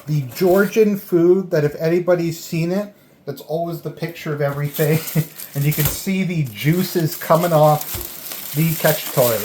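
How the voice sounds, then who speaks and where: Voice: mid-range voice, unhurried, darkish tone, reverberant, slight background noise. A food vlogger tasting a delivered meal at home, rambling and thinking aloud between bites, filmed on a camera set on a tripod. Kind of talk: casual food-tasting vlog.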